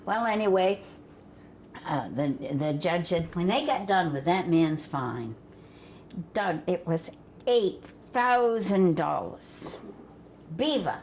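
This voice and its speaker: An older woman from Vermont telling family stories in a folksy way, laughing as she goes and dropping her voice low for the men she quotes. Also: sing-song, takes it slowly, long pauses, darkish tone. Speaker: storyteller guest. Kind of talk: family storytelling. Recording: faint background noise.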